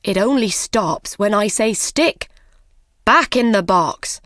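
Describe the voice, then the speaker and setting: A woman voicing Jack, a bold, cheerful young man, in a slow storybook reading. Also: mid-range voice, lively intonation, a bit bright, no echo, studio quality. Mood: explaining.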